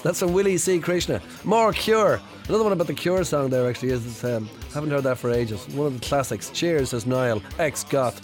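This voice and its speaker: A man's voice: medium pitch, animated, fairly quick, soft background music. A man hosting a radio phone-in, chatty and loose with many fillers. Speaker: radio host. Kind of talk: casual radio talk and phone-in.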